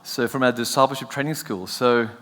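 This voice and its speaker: Male, Australian accent, guest preacher, chatty and self-joking, mid pitch, church hall reverb. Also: fairly quick, a bit bright. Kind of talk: casual joking sermon. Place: church sanctuary.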